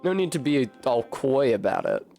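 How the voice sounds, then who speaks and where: A man's voice: mid-range voice, big pitch swings, moderate pace, warm tone. Man streamer, casual let's-play chatter, jokey asides, plain everyday voice.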